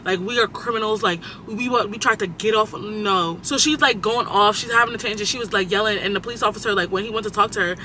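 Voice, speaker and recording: Young male vlogger, high and very bright voice, swears freely and hops between stories while sitting in a car. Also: quick pace, few pauses, a little hiss or hum, poor audio. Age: young adult. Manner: animated, profane, jumps between topics. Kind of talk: casual storytime while driving. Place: inside a car.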